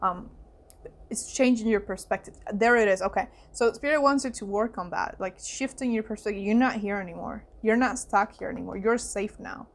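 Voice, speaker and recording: A young woman reads tarot cards in a loose, chatty way, full of fillers and exclamations. Her voice is of middling pitch and often falls to a soft, hushed aside when she gets emotional. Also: moderate pace, creaky. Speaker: psychic tarot reader. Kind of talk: casual spoken card reading.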